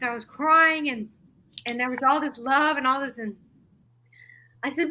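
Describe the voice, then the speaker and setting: A bright, ringing woman's voice, pitched a little high, tells a long personal story. She is middle-aged and talks conversationally, acting out the lines of the people in her tale with real feeling. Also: moderate pace. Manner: animated, emotional retelling with quoted dialogue. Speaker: podcast guest.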